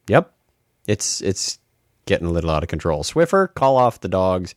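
A man's voice: low voice, big pitch swings, moderate pace, no room sound, studio quality. A man hosting a podcast in casual chat, joking and ranting. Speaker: podcast host.

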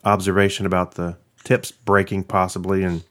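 Easygoing low-voiced co-host. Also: male voice, level tone, normal speed, a bit bright. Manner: easygoing, chuckling, hesitant. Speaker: podcast co-host. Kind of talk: casual chat.

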